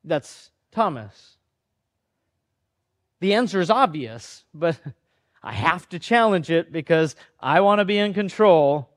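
A pastor with a notably high voice delivers his sermon like a conversation. He pokes fun at himself and briefly acts out the people in his stories. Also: lively intonation, takes it slowly, long pauses. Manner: conversational, self-deprecating, acts out quoted voices.

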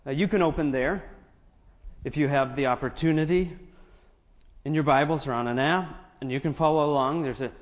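Man preaching a sermon, fairly high voice, long hall reverb, muffled audio. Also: fairly quick, long pauses. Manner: reads scripture aloud, then explains it in asides. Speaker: pastor. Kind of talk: sermon with scripture reading.

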